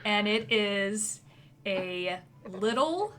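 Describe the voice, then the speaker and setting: A woman narrating as game master in a tabletop game, lively and quick to laugh. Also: mid-range voice, a little hiss or hum.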